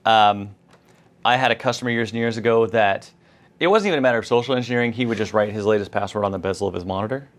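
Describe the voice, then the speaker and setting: A man's voice: mid-range voice, rapid-fire. A man co-hosting a conversational tech lesson, chatty and full of anecdotes and quoted asides. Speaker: co-host.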